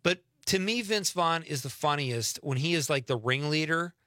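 Host: middle-aged guy, rambling banter, bright forceful voice, dry studio sound. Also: on the high side, animated, no echo. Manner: chatty, rambling, quick laughs. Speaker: radio show host. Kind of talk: casual radio banter. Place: radio studio.

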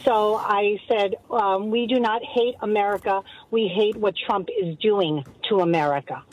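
A woman's voice: mid-range voice, measured pace, poor audio. A woman with a New York accent calling in to a radio show, chatty and upbeat. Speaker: caller.

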